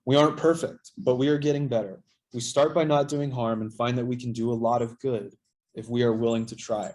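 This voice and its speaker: A man's voice: mid-range voice, fairly even intonation, brisk, darkish tone. A man in his thirties sharing candidly at a recovery workshop, talking in a casual, self-deprecating way with plenty of fillers and swearing. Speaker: workshop speaker.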